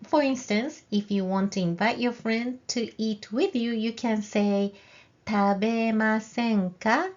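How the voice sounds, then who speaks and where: A woman's voice: a little high, unhurried, hardly any pauses, a little mellow, dull audio. A woman teaching a video language lesson. She explains grammar step by step and models example phrases with a rising question tone for learners to repeat. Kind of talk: slow, clear video lesson.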